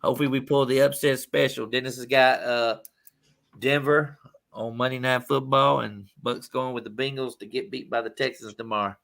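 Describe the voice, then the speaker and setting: A man's voice: medium pitch, flat delivery, vocal fry, fairly bright tone. A man co-hosting a podcast, talking sports casually and rambling, with lots of fillers and restarts. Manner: rambling, halting with many fillers. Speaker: podcast co-host. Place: live-streamed podcast.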